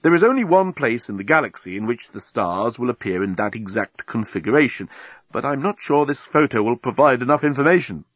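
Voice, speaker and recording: A man voicing a smug alien navigational officer who speaks slowly and deliberately. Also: medium pitch, expressive, a bit bright, slightly rough, no room sound, dull audio. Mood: measured. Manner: slow, deliberate, superior.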